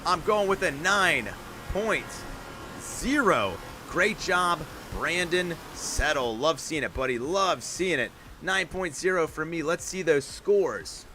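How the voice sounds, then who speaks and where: A man announcing a live gaming stream with a bright, forceful voice pitched a little high. He chats with viewers between runs and breaks into excited yells at big jumps. A faint hiss of noise sits under the voice. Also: slow. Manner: upbeat, chatty, bursts of excited yelling. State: out of breath. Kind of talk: live-stream play-by-play commentary.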